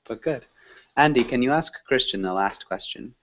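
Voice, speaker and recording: A man teaching an English class, correcting students gently and praising them. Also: medium pitch, expressive, moderate pace, muffled recording.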